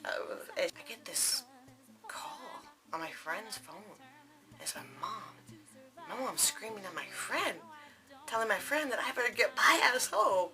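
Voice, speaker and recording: A woman's voice: mid-range voice, lively intonation, a little slow, over music. A young adult woman vlogging, telling a personal story to camera in a candid, casual way with plenty of fillers. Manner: candid, frequent fillers and asides.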